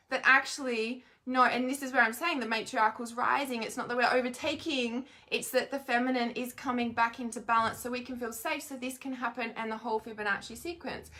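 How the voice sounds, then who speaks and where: A young woman speaks in a slightly raised register, with a bright, sharp edge to her voice. She leads a live spiritual healing session in a loose, rambling way. She keeps pausing to check that her listeners are following. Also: a little high. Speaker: intuitive energy healer. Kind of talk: live-streamed spiritual talk.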